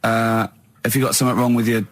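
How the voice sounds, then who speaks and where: A man's voice: mid-range voice, little pitch movement, fast talker. A man hosting a radio show in casual chat, rambling and stammering with bursts of giggles. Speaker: radio host. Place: radio studio.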